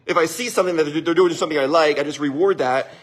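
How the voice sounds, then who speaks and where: A man's voice: fairly high pitch, very fast, husky. A man hosting a live stream and giving casual marriage advice. He talks animatedly, chuckles often and keeps checking in with his listeners.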